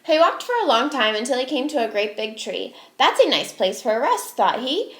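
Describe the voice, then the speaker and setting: A woman teacher reading a storybook aloud to young children, expressive and slow, asking her listeners questions. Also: a little high. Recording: echoey room.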